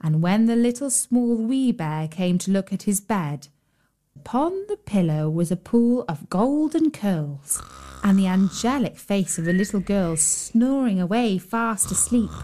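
A woman's voice: medium pitch, expressive, unhurried, warm tone. Woman narrating a fairy tale. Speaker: storyteller.

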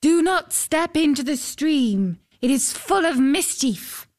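Storybook water spirit, young, wilful, mischievous, a little higher, woman voices her. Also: moderate pace, warm tone, natural voice.

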